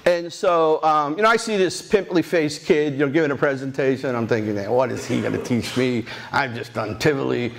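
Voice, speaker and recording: A man in his sixties giving a rambling, animated talk at a tech conference, telling stories with many restarts and asides. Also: medium pitch, a little fast, creaky, few pauses, slight background noise. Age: 60s. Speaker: conference speaker. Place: conference stage.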